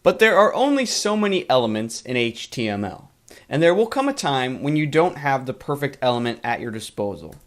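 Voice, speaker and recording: A man narrating a coding tutorial in a clear, methodical way. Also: medium pitch, fairly bright tone. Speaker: coding instructor. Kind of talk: screen-recorded tutorial narration.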